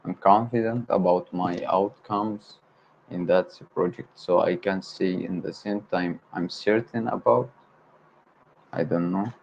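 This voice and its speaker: A man's voice: sits low, steady tone, measured pace, gravelly, a little mellow, slight background noise. A man whose first language is Arabic, hosting a study livestream and hesitantly repeating English words aloud to memorize them. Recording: dull lo-fi stream audio.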